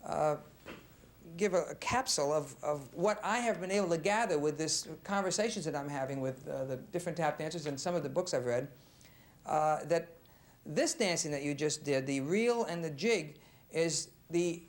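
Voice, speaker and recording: A man interviewing a dancer in a relaxed, halting way, often pausing and restarting his sentences. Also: a little high. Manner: halting, many fillers and restarts. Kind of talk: casual interview.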